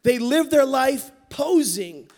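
A middle-aged man preaching a sermon in a church, telling a personal story with candor and dropping to a hush at tender moments. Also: very high-pitched, very animated, slow. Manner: candid, storytelling, drops to a hush for quoted moments. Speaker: pastor. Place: church sanctuary. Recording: long hall reverb.

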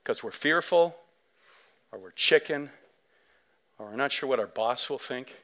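A man preaching a sermon as pastor, telling a story in a chatty way with lots of asides, dropping to a hush and then swelling to near shouts. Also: medium pitch, unhurried. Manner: animated storytelling, big swings from soft to loud; conversational, many fillers and asides.

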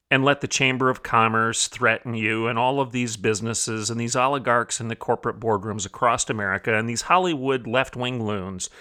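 In an opinion monologue on his commentary show, a male podcast host talks with force and emphasis, his medium-pitched voice bright. He leans on repetition to drive points home and keeps throwing out rhetorical questions.

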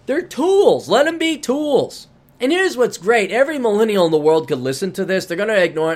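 Ranting, scornful male podcast host. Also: fairly high pitch. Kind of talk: opinionated solo podcast monologue.

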